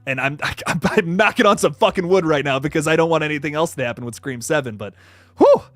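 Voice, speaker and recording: A man's voice: fairly high pitch, fast talker, dry recording. A young man hosting a casual horror news livestream who swears freely, laughs often and reads chat aloud.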